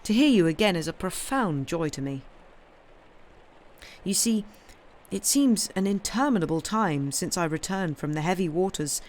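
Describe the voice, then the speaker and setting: A woman's voice: on the low side, animated, moderate pace, pauses often, natural voice. A woman voicing an earnest male fish who speaks eagerly and pleads for guidance. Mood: joyful.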